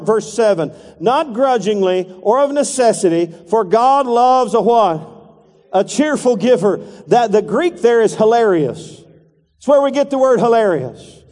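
A man's voice: sits high, warm tone, in a large hall. A man preaching a sermon as pastor, calling for congregation responses and acting out voices.

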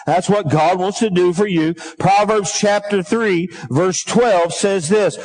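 High-voiced preacher calling for amens. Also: male voice, slow pace, a little mellow. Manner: calls for congregation responses; folksy storytelling, drops to a low aside. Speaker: pastor. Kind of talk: sermon.

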